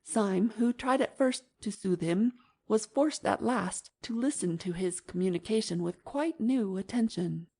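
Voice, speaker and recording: A woman narrating an audiobook in an even, measured manner. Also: medium pitch, husky.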